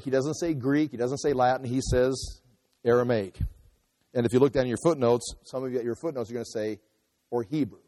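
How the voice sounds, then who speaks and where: Working verse by verse through the Bible, a man teaches conversationally, explaining along the way and acting out the quotes. His medium-pitched voice is mellow and a little fast, with long hall reverb on the recording.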